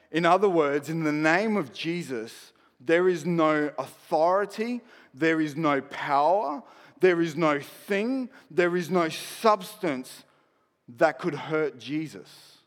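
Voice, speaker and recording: A man preaches a sermon with a slightly high voice and a slow, deliberate pace. He moves from quiet, chatty asides to firm, emphatic declarations. His voice rings with the long reverb of a church hall. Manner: conversational preaching, drops to soft asides then builds to emphatic declarations. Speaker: pastor.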